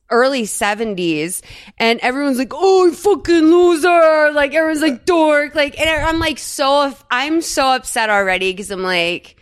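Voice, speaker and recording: A woman co-hosting a podcast in casual chat, telling stories in an animated way, full of "like" fillers and quick laughs. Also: a little high, clean tone. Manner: chatty, animated storytelling full of 'like' fillers; laughs often mid-sentence. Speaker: podcast co-host. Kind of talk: casual chat recapping a movie.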